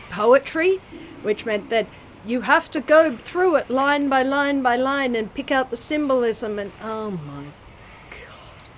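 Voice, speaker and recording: Australian woman, 40s, book reviewer, fairly high voice, measured unhurried delivery, emphatic, stops to hunt for words. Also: slight background noise. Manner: chatty and emphatic, pausing to search for words. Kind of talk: casual book review chat.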